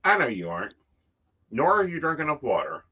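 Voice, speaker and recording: A man's voice: a little high, wildly swooping pitch, fairly quick, bright, forceful tone, slightly rough, highs cut off. A man co-hosting a casual chat about psychic life, blunt and free with swear words. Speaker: psychic co-host.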